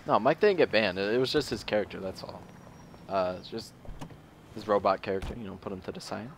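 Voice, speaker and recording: A man's voice: fairly low pitch, brisk, gravelly, a little hiss or hum. A man streaming an in-character role-play, talking in laid-back, slangy, profane street banter.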